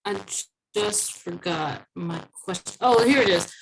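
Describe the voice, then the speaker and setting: Brief: woman trainee, hesitant and careful, video call with clear background noise. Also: medium pitch, a little slow, rough recording. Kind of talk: asking a question in training.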